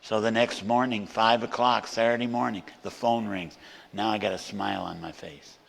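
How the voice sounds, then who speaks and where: A man's voice: lowish voice, fairly even intonation, normal speed, vocal fry, fairly bright tone. An older man preaching as a guest speaker, telling a story and acting out the voices of the people in it. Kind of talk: sermon storytelling. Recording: hall reverb.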